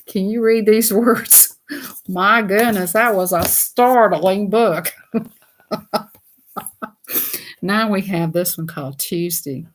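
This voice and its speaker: A woman's voice: medium pitch, slight background noise. A woman, reading children's books aloud in a chatty, giggly way and talking to her viewers. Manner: chatty, giggly, talks to viewers, reads slowly. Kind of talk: casual read-aloud chat.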